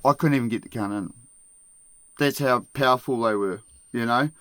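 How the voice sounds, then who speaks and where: A man casually telling a long work story as a podcast host, swearing constantly, laughing often and acting out the shouting of people he worked with. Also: medium pitch, moderate pace, smooth, no room sound.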